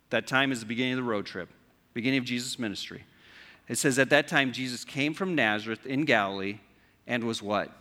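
A man's voice: medium pitch, fairly bright tone. A man preaching a sermon as pastor, conversational, asking his listeners rhetorical questions. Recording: long hall reverb.

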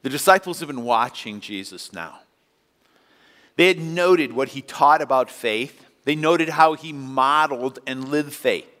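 A man's voice: medium pitch, unhurried, fairly bright tone. A man preaching a sermon in a church, talking conversationally and acting out little scenes for the congregation. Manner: conversational preaching with acted-out asides. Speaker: pastor. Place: church sanctuary. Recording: long hall reverb.

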